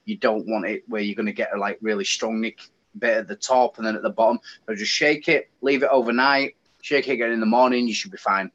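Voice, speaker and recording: A man from the United Kingdom with an English accent joins a casual chat as a guest, speaking fast in a lowish voice. He's animated and rants with real feeling. The sound is dull and lo-fi.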